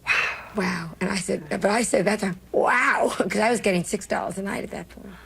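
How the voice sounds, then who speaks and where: A woman's voice: mid-range voice, fairly even intonation, fast, vocal fry. An older woman from New York, a comedian telling brash, self-mocking stories in an interview, emotional and laughing often. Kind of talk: candid interview storytelling.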